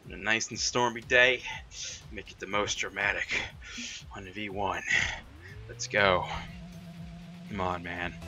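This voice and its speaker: A young man talks over his own gameplay in a bright, forceful voice, swinging from low grumbles to high, excited taunts. His pace is slow and drawn out, and faint game music plays under him. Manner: excitable, trash-talking, says "man" and "mate" a lot. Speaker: gamer. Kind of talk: live gameplay commentary.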